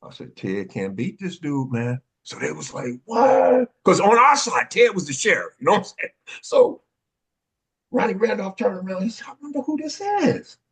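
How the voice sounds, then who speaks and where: A dance pioneer from Oakland, California, in his 70s, tells stories as a panel guest in a high, husky voice whose pitch swings wildly. Excitable and at a moderate pace, he acts out quoted voices and uses street slang.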